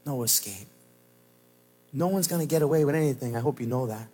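A man pastor preaching a sermon at a church service, swinging from shouted lines to low, slow emphasis. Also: animated, breathy edge.

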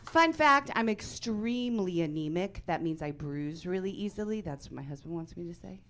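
A woman in her forties performing a stand-up comedy set, with a dry deadpan delivery that breaks into loud bursts of mock outrage. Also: lowish voice, normal speed. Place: comedy club stage before a live audience.

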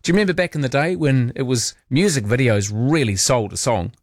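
A man hosting an overnight talk radio show, reading listener messages in a relaxed, chatty, self-deprecating way. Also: medium pitch, fairly quick, dry recording, studio quality. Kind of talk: late-night radio, reading listener texts. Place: radio studio. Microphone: studio microphone.

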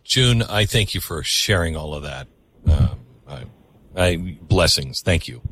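A man's voice: rumbling low, lively intonation, measured pace, a bit bright, slightly rough, no room sound, studio quality. A man hosting a call-in radio show, speaking earnestly and reflectively to callers. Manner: earnest, reflective, taking calls. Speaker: radio talk show host.

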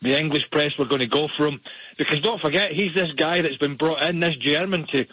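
A man's voice: on the high side, fairly quick, a bit bright, breathy edge, dry recording. A man working as a soccer analyst, giving blunt, opinionated analysis on a sports radio show. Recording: dull, lo-fi remote line.

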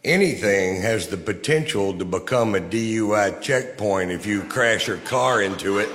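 A man doing a stand-up routine with a dry, deadpan delivery. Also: on the low side, moderate pace, big-room sound, loud music behind the voice. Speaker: stand-up comedian.

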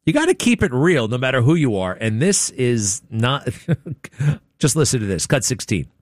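A man's voice: mid-range voice, sing-song, normal speed, no room sound, studio quality. A man hosting a talk show, giving opinionated commentary in a sarcastic, mocking way.

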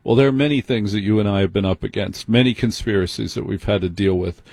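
A man's voice: lowish voice, fast talker, gravelly, a little mellow, no echo. A man hosting a late-night call-in radio show, teasing his callers bluntly.

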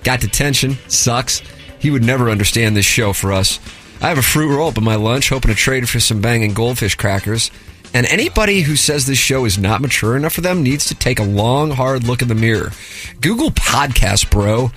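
A man's voice: medium pitch, moderate pace, fairly bright tone, faint music behind. A man hosting a radio show, reading listener emails aloud with a sarcastic, mock-formal delivery.

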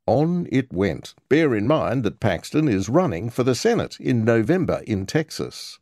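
Wry male reporter with lively pitch. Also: moderate pace, hardly any pauses, no room sound, studio quality. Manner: wry, sardonic commentary. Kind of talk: scripted narration of a news report.

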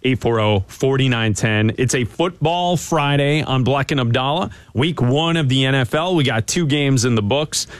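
A man co-hosting a sports radio show, chatty and teasing with his partner and reading promos briskly. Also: medium pitch, dry recording. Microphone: studio microphone.

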